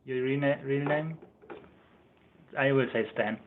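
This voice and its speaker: A German-accented man hosts a casual livestream, rambling from one thought to the next and chuckling as he goes. His voice sits at an ordinary middle pitch. The sound comes through thin and tinny, as if over a phone line. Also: a little slow, a little hiss or hum. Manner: chatty, rambling, laughs often, reads out chat comments. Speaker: livestream host.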